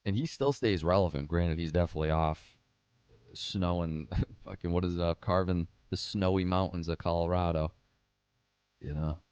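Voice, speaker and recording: A man's voice: low voice, normal speed, a little mellow, clean tone, dry recording, lo-fi sound. A young man hosting a casual livestream, chatting in a laid-back, profane, slangy way and answering live chat comments. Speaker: livestream host.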